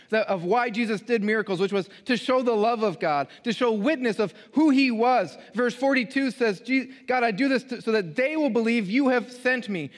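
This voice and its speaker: A man preaching a sermon as pastor, reading scripture aloud and driving home his points with emphasis. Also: very high voice. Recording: long hall reverb.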